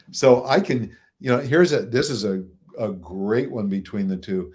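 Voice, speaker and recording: A man speaking as a relationship coach in an interview, explaining at a steady, moderate pace and chuckling often. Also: on the low side, measured pace. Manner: chuckles often, acts out examples; steady, moderate pace by his own account.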